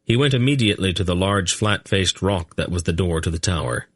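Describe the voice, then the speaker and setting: A man narrating an audiobook in a steady, measured way on a close mic. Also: deep voice, no echo. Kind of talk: scripted narration.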